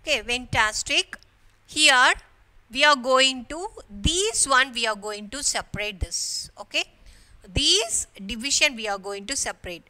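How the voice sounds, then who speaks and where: A woman with an Indian English accent teaches a grammar lesson to schoolchildren at an unhurried pace. Her voice sits high, bright and smooth. She keeps asking the class questions and filling the gaps with "okay". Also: animated. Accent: Indian English, from Kerala. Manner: slow, repetitive explaining with frequent "okay" and rhetorical questions.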